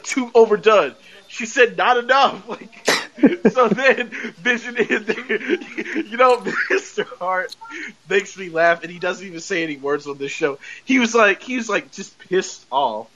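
High, bright-voiced man laughing through a recap. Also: animated, measured pace. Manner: laughs often while retelling, rambling with repeated "and then". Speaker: podcast host. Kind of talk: casual recap of a TV episode. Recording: dull lo-fi podcast audio.

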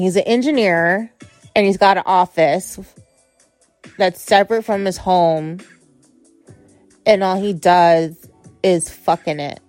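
A woman's voice: medium pitch, a little mellow. A woman hosting a podcast, telling a story in casual, blunt and profane talk full of fillers. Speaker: podcast host.

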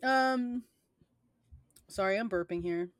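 A woman's voice: mid-range voice, normal speed, noisy background. A young woman co-hosting a podcast, talking in a rambling way with many filler words. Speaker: podcast co-host. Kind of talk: casual chat.

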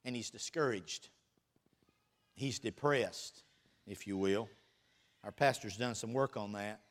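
A man delivers a sermon, reading scripture aloud and alternating between loud outbursts and quiet, teasing asides. His voice is fairly low and his pace is slow.

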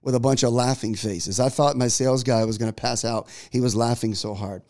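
A man's voice: medium pitch, fairly even intonation, fairly quick, darkish tone. A man in his forties, a pastor telling a story in a sermon, chatty and full of restarts. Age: 40s.

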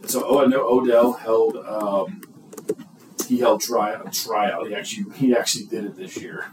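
A man co-hosting a casual sports podcast, talking in an animated, rambling way and often restarting his sentences. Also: fairly low pitch, normal speed, background noise. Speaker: podcast co-host.

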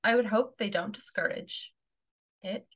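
A woman co-hosting a podcast with a bright, forward tone. She keeps the chat loose and casual, firing off crude jokes and teasing her co-host. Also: medium pitch, moderate pace, breathy edge.

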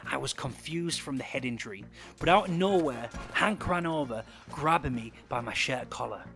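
Man, first-person story narration, dramatic, bright voice, faint music. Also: medium pitch, lively intonation, normal speed.

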